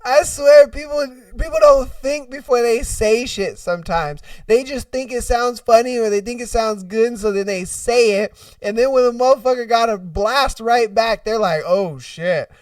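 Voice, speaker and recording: A man hosting a podcast, telling stories in an animated, profane way and laughing often, recorded dry and a little away from the mic. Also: very high-pitched, moderate pace, few pauses, no echo, recorded from a distance. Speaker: podcast host. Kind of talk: casual storytelling and reacting.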